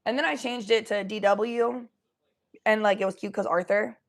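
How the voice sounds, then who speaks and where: A young woman from the Cincinnati area talks loosely on a livestream, cursing freely and answering her chat as she goes. Her voice sits at a middling pitch with a gravelly fry running through it. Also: fairly even intonation, moderate pace. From Cincinnati area, USA. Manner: chatty, swears freely, reads chat aloud, slips into baby talk for pets.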